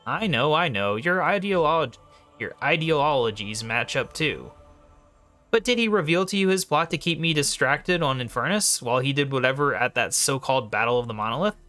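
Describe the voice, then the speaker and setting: A man's voice: medium pitch, lively intonation, moderate pace, sharp tone, faint music behind. A man reading the lines of a scheming, mocking male god from a game aloud. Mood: persuasive. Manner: reads game dialogue in a slightly raised voice.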